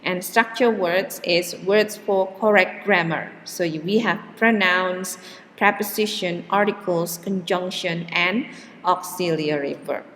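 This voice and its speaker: A woman teaching an English lesson, speaking example sentences slowly and deliberately, with hesitant fillers between points. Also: on the low side, fairly bright tone. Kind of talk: recorded classroom lesson. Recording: faint room reverb and background hiss.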